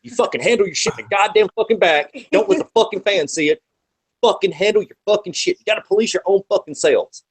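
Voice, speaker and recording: A man putting on a gruff, cursing old wrestling veteran. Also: high-pitched, animated, quick pace, voice pushed up, exaggerated voice. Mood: scolding. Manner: profane, scolding, commanding. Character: gruff older male wrestling veteran, stern.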